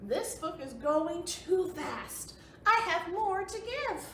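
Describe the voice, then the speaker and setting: A woman voicing an excitable little female storybook pig who squeals and exclaims. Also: very high-pitched, slow pace, distant mic, slight background noise, full character voice. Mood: alarmed. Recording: roomy room, voice a bit off-mic.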